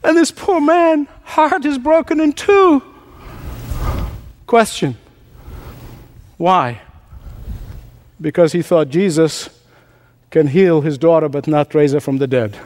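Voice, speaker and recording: Emphatic high-voiced man preaching. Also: expressive, takes it slowly, long pauses, a little mellow. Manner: emphatic, repeats key phrases, laughs often. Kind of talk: sermon.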